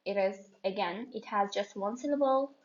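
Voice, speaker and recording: A woman teaching an English grammar lesson, explaining step by step with repeated examples and short pauses. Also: medium pitch. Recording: slightly dull lo-fi audio.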